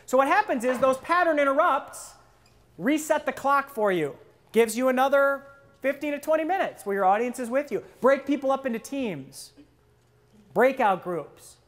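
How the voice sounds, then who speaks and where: A man training people in presentation skills at a live workshop, quizzing the audience with questions and acting out listeners' wandering thoughts in a lower voice. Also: a bit bright.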